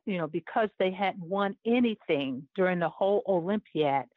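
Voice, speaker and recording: The Olympic chaplain, an older American woman, recounts a personal story in an interview with earnest emotion. Her voice has a fairly low pitch. The audio is dry and comes through a tinny phone-like line.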